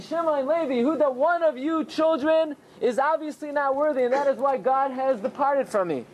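A man giving an animated Torah class, telling the story with lots of rhetorical questions. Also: very high-pitched, a little hiss or hum. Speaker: rabbi teaching Torah.

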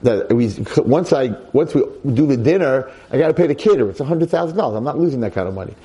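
A man's voice: mid-range voice, quick pace, poor audio. A male rabbi telling a story in a sermon to a room of boys, acting out every voice. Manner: animated, acts out every voice.

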